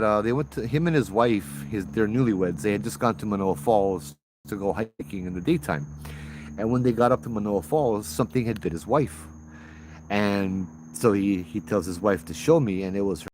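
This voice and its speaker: A man, casually telling ghost stories on a livestream outdoors at night, chatty and relaxed, greeting viewers and laughing often. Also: on the low side, a little hiss or hum. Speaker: ghost-story livestream host and former tour guide. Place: outdoors at night with bugs around.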